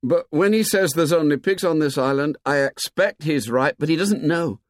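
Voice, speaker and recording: A man reading aloud, voicing a talkative young boy who rushes his words out eagerly. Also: fairly high pitch, no echo, clean studio sound, voice pushed up, natural voice. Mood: eager, chattering. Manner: rushed, breathless chatter. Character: chattering talkative schoolboy, eager and fast.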